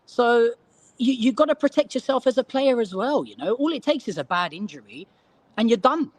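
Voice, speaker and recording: A man's voice: extremely high pitch, lively intonation, moderate pace, dry recording. A man arguing points in a casual football fan debate, emphatic and often saying "you know".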